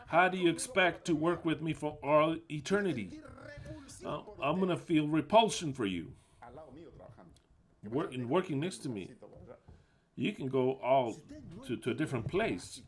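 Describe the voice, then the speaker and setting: A man preaching an angry rant, his fairly high voice swinging between low, muttered asides and loud outbursts. He mocks his listeners and swears freely as he lectures them.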